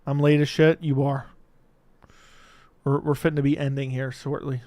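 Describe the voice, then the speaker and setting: A man's voice: mid-range voice, little pitch movement, normal speed, pauses often, darkish tone, no room sound. A man hosting a live MMA stream, reading viewer messages and joking with his chat, laughing often. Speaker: MMA livestream host. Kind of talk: casual livestream chat reading viewer comments.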